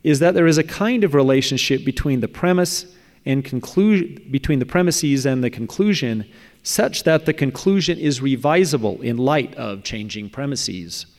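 A man reads a prepared paper aloud, measured and academic. His voice sits at an ordinary middle pitch. A long reverb from the hall trails behind each phrase. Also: expressive, darkish tone. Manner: measured, academic, with occasional slips and restarts. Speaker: speaker presenting a paper on religious apologetics. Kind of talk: reading a prepared talk aloud.

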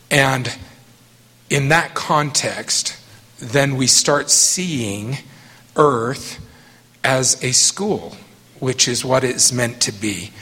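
A middle-aged man speaking slowly and emphatically, leaning on single words as he answers questions after a talk. His voice has a husky edge. The sound carries a long hall reverb. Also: medium pitch, fairly bright tone. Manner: earnest and emphatic, slow deliberate phrasing.

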